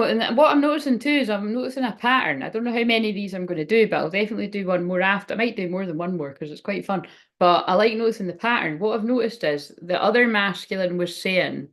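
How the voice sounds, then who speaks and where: A woman giving a casual tarot card reading, thinking aloud in a rambling way and swearing now and then. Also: medium pitch.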